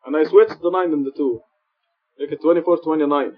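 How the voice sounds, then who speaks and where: Speaking at a brisk pace in a slightly high voice, a male preacher delivers a sermon on Quran study in a mosque. His manner is earnest and explanatory, with points repeated for emphasis, and the lo-fi recording sounds dull.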